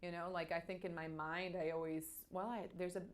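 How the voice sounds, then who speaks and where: A woman tells a personal story as an interview guest. She speaks in a halting, animated way and keeps restarting her sentences. Her voice sits a little low for a woman.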